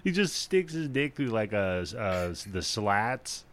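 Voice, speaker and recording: A man's voice: on the low side, very animated, slow pace, slight background noise. A man in a casual chat, retelling film scenes with swearing and laughter. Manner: storytelling, swears, laughs at the jokes.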